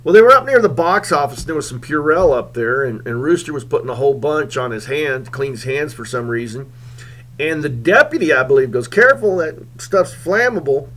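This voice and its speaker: Rambling, animated male radio host. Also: medium pitch, a little fast. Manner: animated, rambling, with frequent fillers. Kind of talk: comic radio storytelling.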